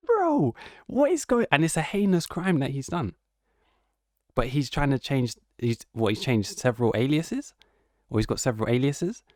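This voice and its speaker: A man's voice: mid-range voice, sing-song, a little slow, pauses often, a little mellow, no echo, studio quality. A man giving casual, mocking reaction commentary in a slangy, incredulous tone. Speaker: online commentator.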